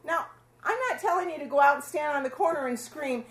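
A Bible study leader teaches scripture to her small fellowship in a relaxed, chatty way. Her voice sits high, she speaks fairly quickly, and she often breaks into laughter with the group.

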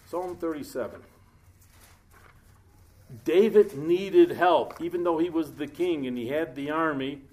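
A man preaching a sermon in a conversational, joking way, breaking off to read scripture aloud slowly. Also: on the high side, a little hiss or hum. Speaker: pastor. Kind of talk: sermon, Bible study.

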